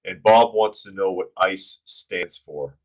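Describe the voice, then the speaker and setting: A man's voice: deep voice, slow, rough recording. A man hosting a news opinion show who talks in a sarcastic, blunt way and reads out viewers' chat comments.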